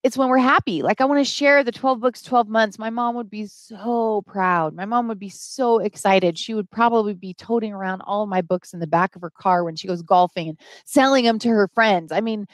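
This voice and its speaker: A woman's voice: medium pitch, normal speed, few pauses, dry recording. A middle-aged woman hosting a motivational live stream, talking to her viewers and getting teary as she speaks. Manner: emotional, reads chat names aloud, gets teary.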